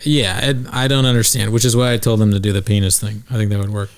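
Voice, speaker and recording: Guy hosting a podcast, smooth clear voice, rambly and swears a lot, says like constantly. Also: lowish voice, level tone, fast. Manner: rambling, profane, heavy use of "like". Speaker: podcast host. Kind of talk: casual chat.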